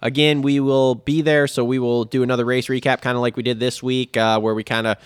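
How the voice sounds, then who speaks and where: A man's voice: medium pitch, flat delivery, brisk, clean tone, no room sound, clean studio sound. A young man hosting a casual motocross podcast, loose and joking and swearing freely. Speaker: podcast host.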